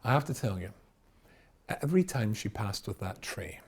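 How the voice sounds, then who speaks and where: A man from Scotland, a rabbi giving a storytelling lecture, animated, with loud exclamations and quiet asides. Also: on the low side, normal speed, slightly rough.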